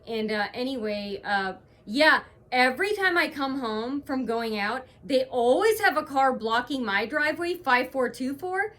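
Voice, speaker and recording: Brief: woman vlogger at home, bright and tense voice, halting aggrieved rant. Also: on the high side. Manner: rambling, aggrieved retelling full of hesitations. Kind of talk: casual to-camera vlog monologue.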